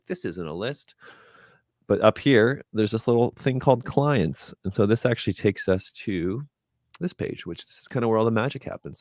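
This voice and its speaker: A man with a very low voice walks viewers through a casual tutorial, thinking aloud as he goes. His talk is chatty and unpolished. The sound is dry and close, with no room echo. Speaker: guest presenter doing a screen-share.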